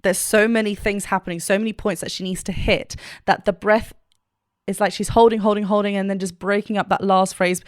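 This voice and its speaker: A woman's voice: medium pitch, steady tone, a little fast, no echo, clean studio sound. A woman vocal coach reacting to a performance and analyzing it, enthusiastic and technical, now and then singing short vocal demonstrations.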